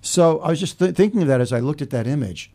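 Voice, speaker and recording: A man's voice: a little high, animated, fast, warm tone. An older man hosting a casual talk show, telling a reflective story in a meandering way with many restarts. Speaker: podcast host.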